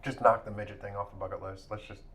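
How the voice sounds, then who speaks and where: A man's voice: fairly low pitch, level tone, fast talker, fairly bright tone. Crude laughing podcast guy. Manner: crude, laughing, rambling with restarts. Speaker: podcast co-host. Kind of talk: casual podcast banter.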